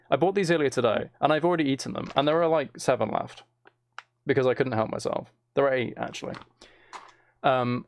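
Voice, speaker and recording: A man's voice: medium pitch, creaky. A man chatting casually on a live stream, reading out viewers' messages and hesitating often.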